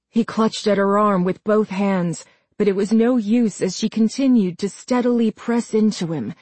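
A woman reading a suspenseful story aloud in a measured, tense storytelling manner. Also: medium pitch, darkish tone, no echo. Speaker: narrator. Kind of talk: scripted audiobook narration.

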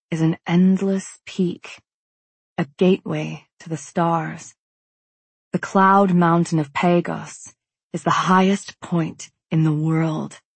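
A woman narrating a first-person fantasy novel in a calm, reflective way. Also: sits low, slightly rough, dry recording. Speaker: audiobook narrator.

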